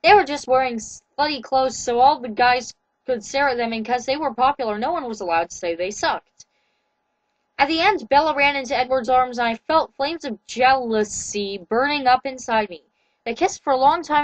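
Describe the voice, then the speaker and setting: A woman giving a comedic, deadpan reading of fan fiction, with wry asides. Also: sits high, normal speed, dry recording, rough recording. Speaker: reader.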